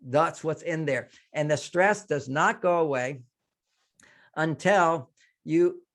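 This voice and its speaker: A man's voice: a little high, takes it slowly, a bit bright. An older man, a relationship author, giving advice in a conversational interview and acting out example lines. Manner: explains with quoted example lines.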